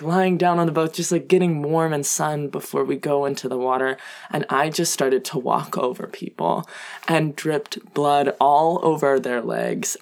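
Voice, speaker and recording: A young woman telling comic personal stories in a casual, self-deprecating way, full of fillers. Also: low-pitched. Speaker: guest storyteller.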